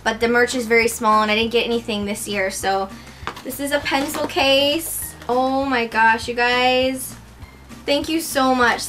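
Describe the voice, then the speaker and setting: A young woman with a high, bright voice gushes her way through an unboxing on her vlog, piling on excited exclamations. Soft music plays faintly behind her. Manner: gushing, excitable, many exclamations. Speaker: vlogger.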